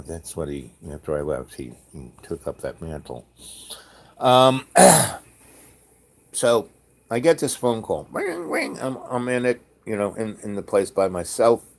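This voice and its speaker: A man telling a story in a loose, rambling way, with many restarts and joking asides. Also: fairly low pitch. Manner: rambling, full of fillers and restarts, jokey asides. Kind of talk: casual spoken storytelling.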